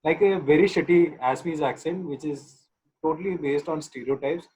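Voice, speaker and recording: A man's voice: a little high, moderate pace, darkish tone, slight background noise, low-quality recording. A man co-hosting a podcast, teasing and bantering casually with the others. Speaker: podcast co-host. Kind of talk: casual chat.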